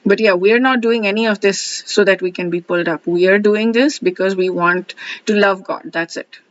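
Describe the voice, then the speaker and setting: A woman's voice: fairly low pitch, no echo, highs cut off. A woman hosting a daily scripture study, commenting on verses in a chatty way, reading quotes aloud and using many fillers. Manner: chatty, reads quotes, frequent fillers and laughs.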